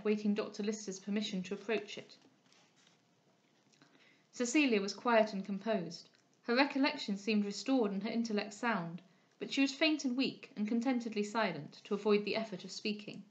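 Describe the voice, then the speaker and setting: A woman with a mid-range voice reads a classic novel aloud as an audiobook narrator, measured and expressive. The recording sounds dull and lo-fi.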